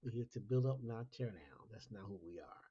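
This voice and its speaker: A man's voice: lowish voice, expressive, a little fast, dark tone, slightly rough. A man hosting a casual Christian talk monologue, asking repetitive rhetorical questions and laughing often. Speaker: Christian talk show host. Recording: lo-fi dull recording.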